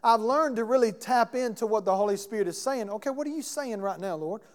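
Here the preacher's voice is high and brisk. As pastor, he shares a story casually from the sanctuary and quizzes the congregation during his sermon, with the church hall's long reverb trailing his words.

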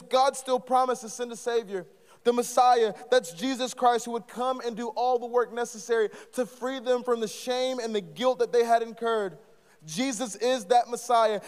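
Passionate high-voiced preacher in a reverberant hall. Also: male voice. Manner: passionate, preacherly, rising into emphatic calls. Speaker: guest preacher. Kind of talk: live sermon. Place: church or student ministry hall. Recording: live in a large reverberant hall.

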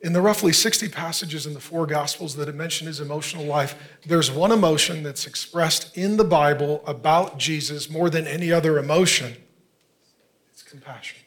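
A man in his fifties, a pastor preaching an earnest, conversational sermon with quick asides. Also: a little high. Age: 50s.

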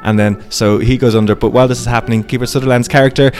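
A man's voice: medium pitch, fairly even intonation, racing, darkish tone, faint music behind. A man co-hosting a casual podcast, rambling and correcting himself as he recaps a film. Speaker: podcast co-host.

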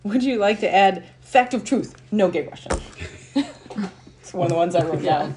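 A woman hosting a podcast, running the segments in casual chat with quick laughs. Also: medium pitch, animated, darkish tone, slight background noise. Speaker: podcast host.

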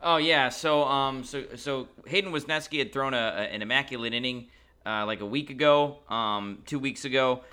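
A man co-hosting a casual podcast, speaking in a relaxed way with many "um"s and "uh"s. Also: mid-range voice, normal speed, smooth. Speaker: podcast co-host. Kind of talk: casual chat.

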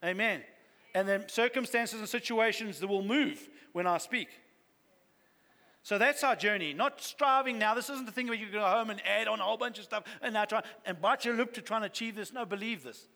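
High-voiced man preaching in a reverberant church. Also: a little fast, bright, forceful tone. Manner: earnest, rising to fervent exhortation. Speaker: pastor. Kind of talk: sermon. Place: church hall. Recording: long reverb of a church hall.

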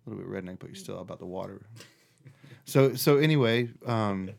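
A man's voice: lowish voice, a little fast, vocal fry. A man hosting a casual chat, telling a story with lots of swearing and restarts. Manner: animated storyteller, swears freely, restarts often.

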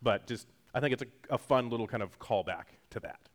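A man's voice: mid-range voice, brisk. A man preaching a sermon in a casual, jokey teaching style, acting out quotes as he goes. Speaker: pastor.

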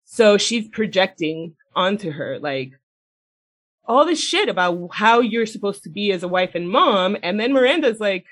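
Foul-mouthed, animated woman chatting. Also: mid-range voice, moderate pace. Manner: blunt, heavy swearing, animated; laughs often mid-sentence. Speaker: podcast co-host. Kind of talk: casual chat, retelling a TV episode.

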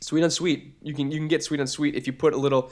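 A man's voice: fairly high pitch, fast talker. A young man with a Boston accent, co-hosting a podcast, chatting casually and rambling with plenty of fillers. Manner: animated, rambling, lots of fillers. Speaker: podcast co-host. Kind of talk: casual chat.

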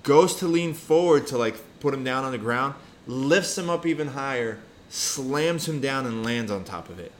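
A man making his case in casual podcast talk, blunt and heavy with swearing. His voice sits at an ordinary pitch, with faint room ambience underneath. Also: expressive, normal speed, hardly any pauses, a little hiss or hum. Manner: blunt, profane, emphatic. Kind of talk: casual heated chat.

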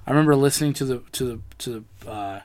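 A man's voice: medium pitch, quick pace, darkish tone. A young man in casual chat, telling a personal story with lots of swearing and acted-out quotes.

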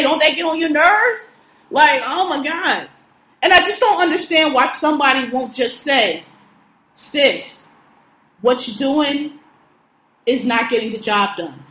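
Woman host, high voice, profane emphatic ranter, recorded in an echoey room. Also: animated, unhurried, a bit bright, slight background noise. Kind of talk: casual chat, venting.

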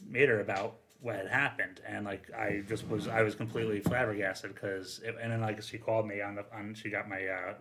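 A firefighter and former union president telling casual stories on a podcast, rambling and acting out the dialogue. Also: male voice, fairly low pitch, fairly even intonation, brisk, hardly any pauses, background noise. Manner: rambling anecdotes, acts out quoted dialogue.

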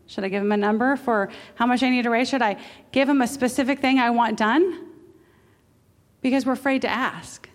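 A middle-aged woman with a fairly high voice preaches a sermon in a lively, animated way. She jumps from loud exclamations to hushed asides, and her voice rings with a long reverb. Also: brisk.

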